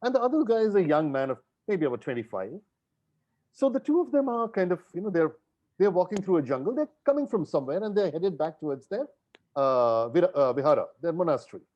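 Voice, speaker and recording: A podcast guest retelling a parable in relaxed conversational storytelling, reflective and unhurried. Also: mid-range voice, muffled recording.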